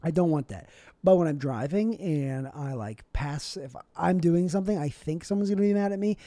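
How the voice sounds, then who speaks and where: A young man delivering a rambling, deadpan comedic monologue with absurd asides, as a vlogger. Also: a little high, normal speed, no room sound.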